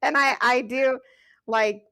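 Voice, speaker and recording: A woman's voice: sits high, fairly even intonation, takes it slowly, pushed and bright, clear, resonant tone. A woman co-hosting a podcast about motherhood, talking casually and candidly, laughing often between her points. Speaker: podcast co-host. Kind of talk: casual chat.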